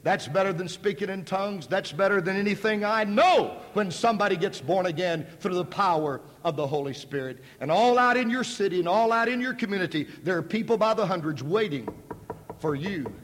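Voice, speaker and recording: A man's voice: sits high, moderate pace. Folksy preacher man in an echoey hall. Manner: folksy, emphatic storytelling. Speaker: pastor. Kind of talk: sermon with a personal story. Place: large hall at a school.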